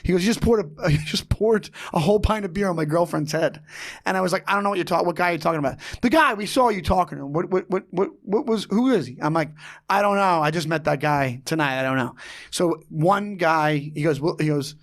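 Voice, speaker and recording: A man hosting a podcast, telling a story in a casual, animated way, acting out the quotes and laughing often. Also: on the high side, brisk. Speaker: podcast host.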